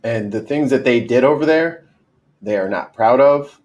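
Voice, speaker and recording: A man's voice: mid-range voice, moderate pace, muffled recording. Somber man in his thirties. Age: 30s. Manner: somber, reflective. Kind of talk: podcast conversation.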